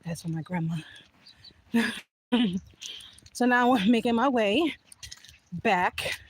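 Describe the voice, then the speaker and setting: A woman's voice: on the high side, slow, slightly rough, rough recording. A woman vlogging while walking outdoors, telling an emotional story in a casual way, laughing often and sometimes dropping to a whisper. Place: outdoors, walking back from voting.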